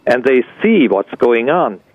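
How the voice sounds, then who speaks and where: An older man from Switzerland answering as a radio guest, halting and full of fillers and restarts, on dull lo-fi radio audio. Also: mid-range voice, big pitch swings, no echo.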